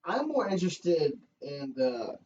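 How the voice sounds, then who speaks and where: Young male co-host, rambling crude banter, slightly high voice, dull lo-fi mic. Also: big pitch swings, unhurried, darkish tone, slight background noise. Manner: rambling, profane, jumps to high-pitched bursts. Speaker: podcast co-host. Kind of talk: casual crude podcast banter. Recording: dull lo-fi home podcast mic.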